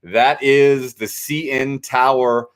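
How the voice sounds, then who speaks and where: A young man hosting a casual live trivia night, reading out answers with relaxed asides and self-corrections. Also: mid-range voice, takes it slowly.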